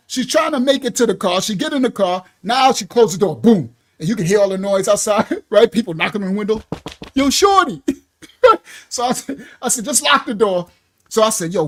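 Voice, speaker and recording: High-voiced man preaching through a story. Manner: animated, slangy storytelling, acting out the voices of others. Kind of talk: storytelling sermon.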